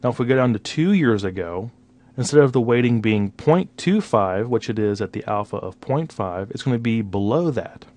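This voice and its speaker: A man gives a recorded slide lecture, pitched in the middle range for a man. He talks patiently and explains the numbers one step at a time. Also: lively intonation, moderate pace, a little mellow. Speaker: instructor.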